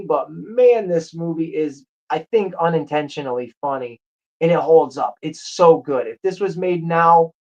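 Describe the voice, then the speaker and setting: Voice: mid-range voice, a little mellow, highs cut off. A show host chatting casually and enthusiastically about a movie, rambling with frequent restarts. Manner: rambling, enthusiastic, with self-corrections. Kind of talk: casual chat.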